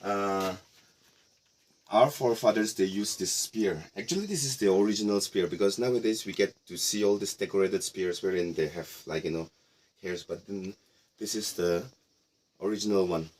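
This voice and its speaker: A middle-aged man from Nagaland, guiding a casual tour of a heritage house in a relaxed, explanatory way with playful asides. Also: low-pitched, normal speed. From Nagaland, India. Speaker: tour guide.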